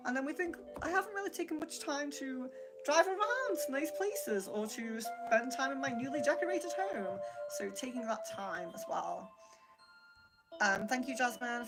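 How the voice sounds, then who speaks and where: A woman's voice: fairly high pitch, rough recording. A British woman hosting a live-stream card reading, greeting viewers by name and chatting casually with many fillers. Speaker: psychic livestream host.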